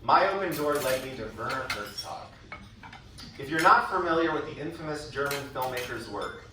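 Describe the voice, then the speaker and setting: A man's voice: mid-range voice, background noise. A man giving a prepared speech at a school event, telling stories and livening up when he quotes others. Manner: storytelling, animated when quoting others. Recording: echoey hall from far off.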